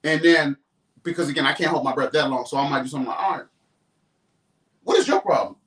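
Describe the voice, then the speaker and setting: A man co-hosting a casual chat with his wife, speaking in a laid-back, deliberate way. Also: on the high side, steady tone, fairly bright tone, reverberant, far from the mic. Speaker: podcast co-host.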